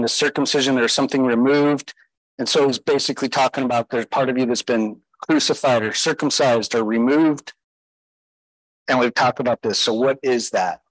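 A man's voice: medium pitch, fairly bright tone, no echo, rough recording. A man preaching a sermon as pastor, emphatic, putting rhetorical questions to his listeners.

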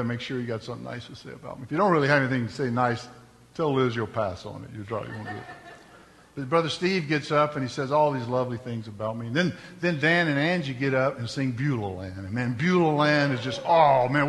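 A man preaching a sermon, folksy and joking, dropping to hushed storytelling and then rising to loud exclamations. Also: medium pitch, big-room sound. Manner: folksy, humorous asides. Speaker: pastor. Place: church sanctuary.

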